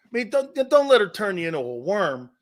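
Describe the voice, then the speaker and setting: A man hosting a sports talk show, telling rambling, animated stories with many restarts while standing. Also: high-pitched, fairly quick. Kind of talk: casual sports talk banter.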